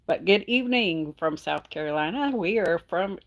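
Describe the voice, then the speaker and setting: Speaking a little low and with plenty of expression, this middle-aged livestream host from Texas talks at a normal speed. She reads her viewers' comments out loud, chats casually, and laughs frequently, all picked up by a phone microphone.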